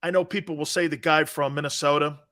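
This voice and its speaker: A middle-aged American man hosting casual live sports talk, animated and laughing, reading out viewer comments. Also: a little high, fast talker. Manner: animated, loud bursts, laughs a lot.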